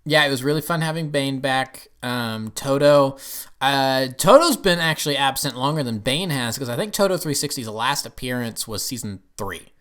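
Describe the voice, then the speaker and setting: A man's voice: medium pitch, expressive, normal speed, fairly bright tone. A man giving a casual, rambling spoken review of a TV episode, with lots of "um"s and restarts. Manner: rambling, full of fillers and restarts. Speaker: TV show reviewer.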